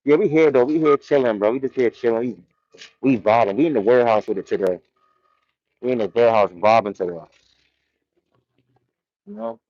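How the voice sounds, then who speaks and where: A man's voice: medium pitch, sing-song, brisk, pauses often, darkish tone, dry recording, dull audio. A man hosting a casual livestream, talking in loose, slang-heavy commentary and reading chat from a warehouse. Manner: loose, laid-back slang-heavy commentary with frequent laughs. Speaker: livestream host.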